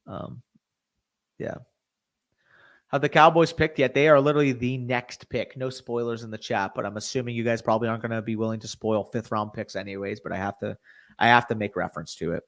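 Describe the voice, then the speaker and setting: A man's voice: mid-range voice, fairly bright tone. A young man hosting a casual live stream, reacting to events and talking to his chat. He swears freely and gets worked up. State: tired, hiccuping.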